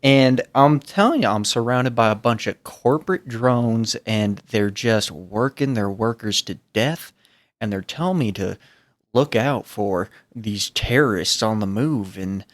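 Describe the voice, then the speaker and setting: A man's voice: on the low side, lightly acted. A man playing a sweaty, nervous ex-corporate defector. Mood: earnest. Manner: earnest, pleading, talks in rushed restarts. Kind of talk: in-character tabletop role-play.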